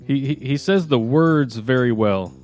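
A man's voice: medium pitch, expressive, normal speed, a little mellow, faint music behind. A man in casual podcast chat, telling a rambling story and laughing mid-story.

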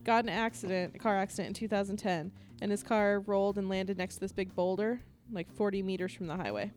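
A woman's voice: medium pitch, steady tone, quick pace, a little mellow, faint music behind. A woman presenting a quirky news segment in a casual talk show, chatty and full of fillers and laughs. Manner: chatty, laughing, reads from printed notes with fillers. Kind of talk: casual comedic news reading.

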